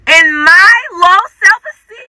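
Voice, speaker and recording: A young woman telling a personal story in a casual storytime, animated and dramatic, acting out the quotes. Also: very high voice, slow pace, no echo. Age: young adult.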